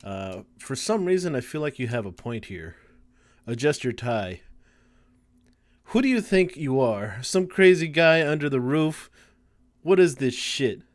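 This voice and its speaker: A man's voice: medium pitch, big pitch swings, a little slow. A male streamer chatting casually through a live game session. He curses freely and stumbles when he reads lines aloud. His voice sits in an everyday middle range. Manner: casual, swears often, stumbles while reading aloud.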